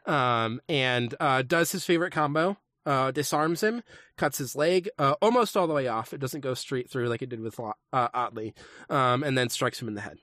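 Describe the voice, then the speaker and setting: Guy casually retelling a story on a podcast, lots of ums and uhs, mid pitch, dry close sound. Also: moderate pace, bright, forceful tone, no room sound. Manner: rambling, hesitant, full of ums. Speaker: podcast co-host. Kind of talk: casual chat retelling a saga.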